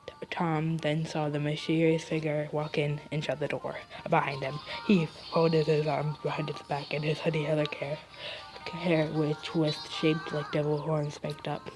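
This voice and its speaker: A woman's voice: low voice, flat delivery, moderate pace, rough recording. A woman reading fan fiction aloud on a livestream, hesitant, with many fillers and restarts. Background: background music.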